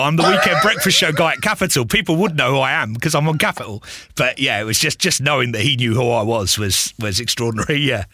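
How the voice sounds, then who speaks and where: A man's voice: mid-range voice, lively intonation, fast, bright, forceful tone, no echo. A man, a radio presenter, telling stories in a casual interview, acting out quotes and laughing often. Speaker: radio presenter, podcast guest.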